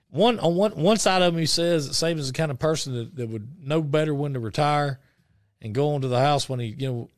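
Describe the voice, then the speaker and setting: A man's voice: a little high, no echo. Rambling man, dry mic. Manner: rambling, halting, many restarts. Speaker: radio show co-host. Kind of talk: casual sports chat.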